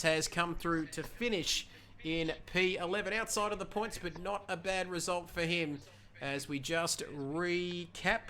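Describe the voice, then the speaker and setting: A man's voice: sits high, noisy background. A man commentating a sim race live, upbeat and chatty as he runs through the results as league host.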